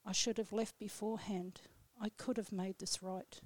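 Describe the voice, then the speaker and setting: A woman guest on a radio show reading her own poem aloud in a slow, solemn, measured way. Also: medium pitch, little pitch movement, darkish tone, no room sound. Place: radio studio.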